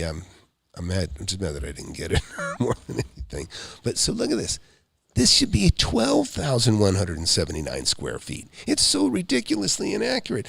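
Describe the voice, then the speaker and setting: A middle-aged man, a real estate investor hosting a live show, telling a story in an animated, rambling way with quick asides. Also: sits high, creaky, breathy edge, no room sound.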